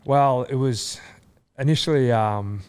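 A man's voice: medium pitch, measured pace, a little mellow, smooth. An Australian man in his thirties, a rugby league player chatting as a guest, rambling with many fillers and restarts. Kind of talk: casual chat.

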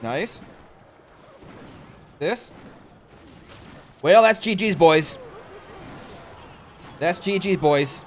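A young man hosting a gaming channel, giving gameplay commentary and jumping to loud, excitable outbursts. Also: on the high side, extremely slow, long pauses.

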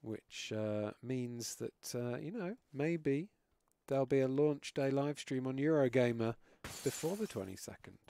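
A man's voice: mid-range voice, lively intonation, unhurried, mellow. A British man hosting a live game stream, chatting casually and joking with some swearing. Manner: chatty, swears freely, jokey. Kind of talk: casual chat while gaming live.

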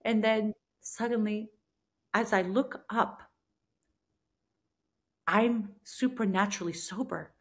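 A woman's voice: medium pitch, takes it slowly, long pauses. A woman guest on a podcast telling her personal faith testimony in an earnest, emotional way, often restarting her sentences.

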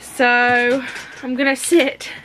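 A woman's voice: high voice, flat delivery, slow, sharp tone, slight background noise. Chatty young woman vlogging at home. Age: young adult. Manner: rambling, self-mocking and chatty. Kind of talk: casual vlog chatter. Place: home, indoors.

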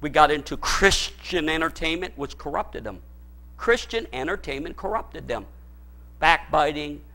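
A man preaching a sermon as pastor, speaking directly to his congregation and repeating his points with emphasis that builds to shouts. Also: fairly high pitch, expressive, a little slow. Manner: folksy, addresses the congregation directly.

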